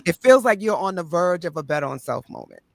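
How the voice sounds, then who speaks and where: A woman hosting a radio show interview as a therapist and life coach, asking calm, encouraging questions that reflect back what she hears. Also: on the low side, a little fast, gravelly, dry recording.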